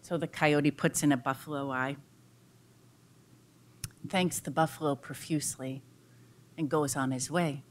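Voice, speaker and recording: A woman giving a public lecture who tells a folk tale in an expressive, dramatic way. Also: sits low, measured pace, long pauses.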